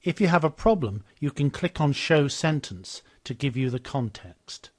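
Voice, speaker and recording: A man narrating a walkthrough of a teaching program in a steady, explanatory way, repeating the model phrases after the clips. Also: on the high side, moderate pace. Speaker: software demonstrator.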